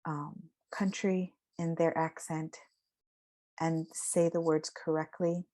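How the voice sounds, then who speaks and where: A woman's voice: sits low, flat delivery, slow, dark tone. A woman giving a casual spoken lesson, explaining and demonstrating vowel sounds aloud. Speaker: voice teacher.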